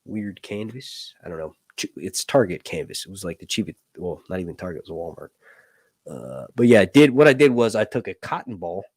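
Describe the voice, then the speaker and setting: Low, husky and darkish, this man's voice is animated and a little fast on a dry recording. The American livestream host, from the United States, keeps things casual, rambling, self-correcting and joking as he goes.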